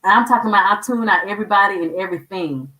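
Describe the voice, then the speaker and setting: A woman's voice: mid-range voice, racing, pushed and bright, echoey room, far from the mic, poor audio. Earnest woman sharing an emotional testimony. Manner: emotional, earnest, repeats words when moved. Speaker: host sharing her faith testimony. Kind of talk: personal testimony talk.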